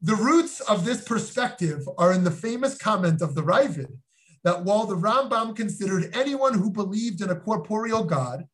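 A man's voice: sits high, expressive, normal speed. A middle-aged man, a rabbi, giving a scholarly lecture in an earnest way, with frequent restarts and a personal story. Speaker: rabbi teaching a class. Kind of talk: recorded lecture with personal anecdote.

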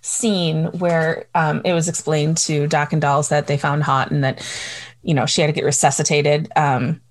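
A woman's voice: deep voice, level tone, moderate pace. A woman chatting casually about a TV episode, rambling with restarts and breaking into nervous laughter. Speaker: co-host. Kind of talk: casual TV recap chat.

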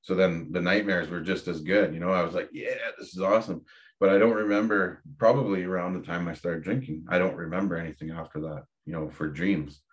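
Low-voiced man telling a story. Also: steady tone, brisk, hardly any pauses. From Ontario, Canada. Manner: candid, reflective, with frequent fillers and restarts. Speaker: podcast guest. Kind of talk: casual personal storytelling.

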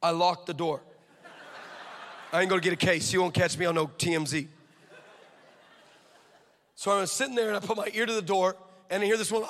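A male pastor preaches with a high, bright, ringing voice and lively storytelling. He swings from loud declarations to hushed asides, and the sound carries a long hall echo. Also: brisk, pauses often. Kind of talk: sermon.

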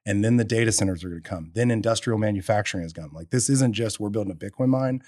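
A man's voice: fairly low pitch, racing, no room sound, studio quality. A man, a podcast guest telling his story in casual chat, acting out quotes and laughing along. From Texas. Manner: animated storyteller, acts out quotes with bursts of laughter. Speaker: podcast guest, energy entrepreneur.

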